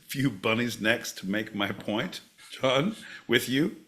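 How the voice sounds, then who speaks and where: A man co-hosting a podcast, bantering sarcastically and crudely, with sudden loud outbursts. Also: mid-range voice, animated, takes it slowly. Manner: sarcastic, profane, bursts into loud shouting. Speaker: podcast co-host.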